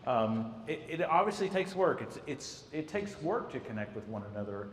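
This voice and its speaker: A man's voice: fairly high pitch, sing-song, normal speed. Guy talking marriage at church, chatty, tells stories, echoey room, faint hum. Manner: conversational, tells anecdotes, acts out quotes. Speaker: marriage counselor. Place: church hall. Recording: echoey hall, faint ambience.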